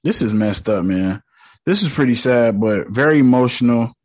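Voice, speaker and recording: Husky man reacting in slangy chat. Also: medium pitch, lively intonation, moderate pace, darkish tone, no echo. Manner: slangy, blunt, talks back at the screen. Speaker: reaction video host. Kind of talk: casual reaction commentary.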